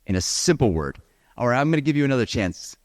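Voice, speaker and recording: A man teaching a live seminar on the speaking exam, lively and encouraging, talking straight to his audience. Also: mid-range voice, fast talker, dry recording, studio quality. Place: event hall with audience.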